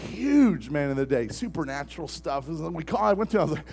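A man preaching a sermon as pastor, moving between hushed, near-whispered lines and loud, shouted storytelling. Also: fairly high pitch, sing-song, fairly quick, gravelly, husky, rough recording.

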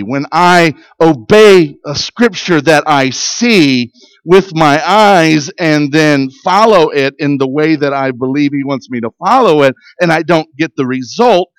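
A man's voice: on the high side, no echo, poor audio. A middle-aged pastor preaching in an earnest, conversational way, often restarting his sentences and building to emphatic peaks. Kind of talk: sermon.

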